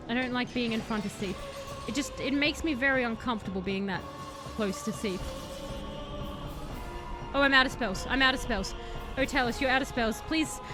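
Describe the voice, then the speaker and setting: A woman whose voice sits high casually comments on her live-streamed game, speaking directly to the boss she fights and breaking into excited yells. Game music runs underneath.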